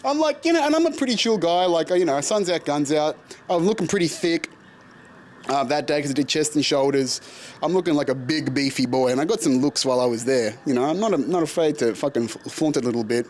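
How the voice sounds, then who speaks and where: A man's voice: on the high side, animated, fast, a little mellow, a little hiss or hum. A young Australian man with a casual podcast manner, telling a story with a lot of swearing and frequent laughter. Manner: laughs often, profane, self-mocking. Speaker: podcast host.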